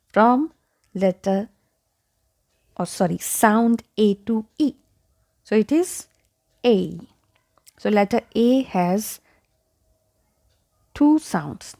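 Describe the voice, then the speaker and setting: A woman teaching English pronunciation online, going slowly and repeating each word several times, sometimes dropping to a whisper. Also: mid-range voice, creaky, warm tone, dry recording, studio quality.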